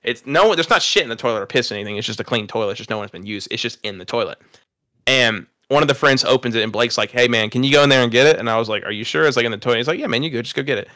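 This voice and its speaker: Bright-voiced young man rambling. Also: medium pitch, racing, no echo, studio quality. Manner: rambling, profane, laughs at himself. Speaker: podcast host. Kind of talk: casual storytelling chat.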